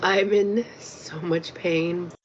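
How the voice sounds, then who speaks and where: Over a loud crowd, a weary woman talks on a casual livestream, extremely slowly, in a steady, lowish voice, hesitating and rambling with lots of fillers. The stream audio sounds dull and lo-fi, with faint noise.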